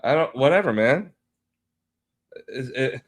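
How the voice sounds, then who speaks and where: A video editor on a live stream speaks slowly and expressively in a mid-range voice. As he works he chats casually, mutters to himself, and swears offhandedly, his voice a little stuffy because pollen has him feeling sick.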